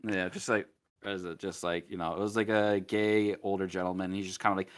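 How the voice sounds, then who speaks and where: A man's voice: low-pitched, little pitch movement, fairly quick. A man in his twenties co-hosting a podcast, telling rambling work anecdotes in casual chat. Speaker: podcast co-host.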